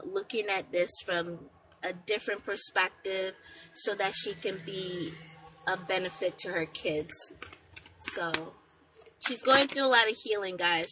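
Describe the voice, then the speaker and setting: A woman's voice: fairly low pitch, noisy background. A woman doing a live tarot reading outdoors at a beach. She meanders as she passes on messages from a spirit, quoting them one after another. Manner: relays spirit messages as quotes, meandering and slow. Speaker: intuitive tarot reader.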